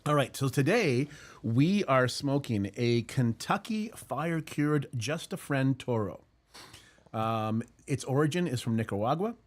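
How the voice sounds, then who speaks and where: A man's voice: medium pitch, lively intonation, unhurried. Joking, rambling man host. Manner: jokey and rambling, with fillers and laughs. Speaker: podcast host. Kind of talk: casual chat. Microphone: headphones and mic.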